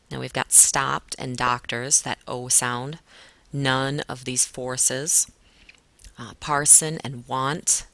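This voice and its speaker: A woman teacher talking a class through a poem in a relaxed way, with frequent fillers. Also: extremely low pitch, dry recording. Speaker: English teacher. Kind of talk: recorded classroom lesson walkthrough.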